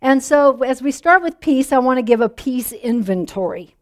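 A woman's voice: expressive, moderate pace. A woman pastor preaching a sermon in a church, talking conversationally and putting questions to the congregation. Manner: drops soft and low when praying.

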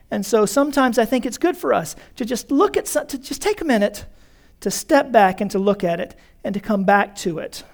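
A man's voice: very high-pitched, vocal fry. A male pastor preaching a conversational sermon in a church, calling his congregation folks.

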